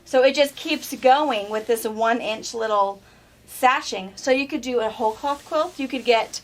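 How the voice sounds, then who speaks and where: A woman's voice: a little high, unhurried. A woman running a quilt shop, chatting casually and explaining fabric prints during an unboxing. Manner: enthusiastic, explains fabric details. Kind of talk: casual chat while unboxing.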